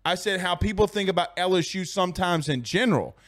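A man's voice: high voice, expressive, quick pace, fairly bright tone. A man hosting a sports podcast, talking in brash, teasing casual chat and cutting in often. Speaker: podcast host.

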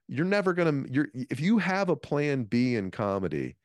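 A man in his fifties, a comedian guest, telling stories from his career in a lively interview. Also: mid-range voice, normal speed, no echo, clean studio sound. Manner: animated storyteller, restarts phrases. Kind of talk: storytelling interview talk.

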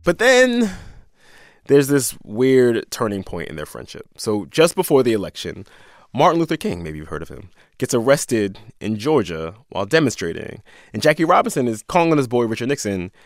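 A man's voice: mid-range voice, big pitch swings, brisk, no room sound, clean studio sound. A man co-hosting a podcast, telling a history story in a casual, jokey way and laughing often. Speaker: podcast co-host.

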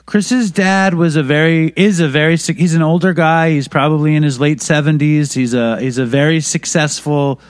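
A man's voice: a little high, steady tone, moderate pace, few pauses, no room sound. A man in casual conversation, telling candid, profane stories about a late friend. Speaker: podcast guest.

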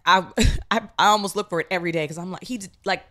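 A woman with a somewhat low voice, talking frankly through a story about her kids. She co-hosts a casual parenting podcast. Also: fairly even intonation, quick pace, a bit bright. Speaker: podcast co-host, mother. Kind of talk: casual chat.

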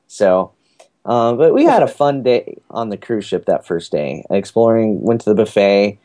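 Recounting a family cruise on a podcast, a man chats in a lowish, warm, sing-song voice at normal speed. His story rambles and is packed with fillers.

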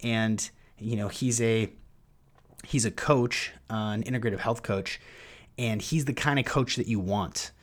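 A male podcast host introduces his episode and reads a sponsor spot. His voice sits a little low, and he talks with bubbly enthusiasm, often restarting his sentences as he goes. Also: unhurried.

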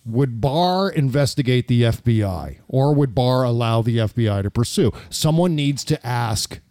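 A man's voice: mid-range voice, animated, moderate pace, mellow, no room sound, studio quality. A man hosting a political talk radio show, ranting and joking with his co-hosts.

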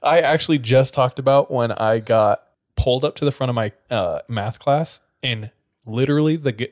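A man's voice: mid-range voice, moderate pace. A man co-hosting a podcast, telling stories in casual chat with lots of laughter. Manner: animated storytelling with laughter. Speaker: podcast co-host.

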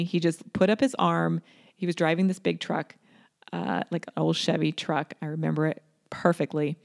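A woman candidly telling a personal story, with restarts and lively acted-out quotes. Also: fairly low pitch, creaky.

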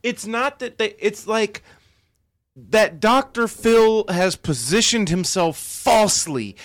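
Slow-talking man, hesitant. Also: high-pitched, expressive, no echo. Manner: hesitant, thinking aloud with fillers. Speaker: podcast co-host. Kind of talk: casual chat.

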